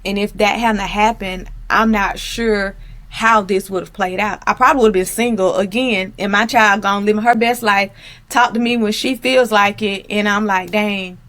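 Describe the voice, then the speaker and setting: A woman's voice: mid-range voice, steady tone, moderate pace, a bit bright. A woman guest on a casual panel chat, speaking earnestly and supportively.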